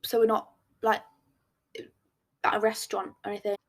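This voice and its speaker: A young woman hosting a podcast, telling a date storytime in a blunt, animated way with swearing and acted-out dialogue. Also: mid-range voice, moderate pace. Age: young adult. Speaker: podcast host.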